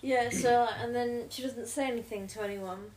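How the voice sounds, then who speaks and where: A woman chats casually as a podcast co-host, tumbling through scene retellings with likes and restarts. Her voice sits a little high and comes from a step back from the mic, with faint hiss behind it. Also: steady tone, moderate pace, darkish tone, far from the mic. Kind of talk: casual chat.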